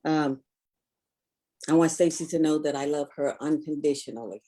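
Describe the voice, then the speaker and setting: Older woman, mellow measured voice. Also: low voice. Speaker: guest, mother of a guest. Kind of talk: talk-show conversation.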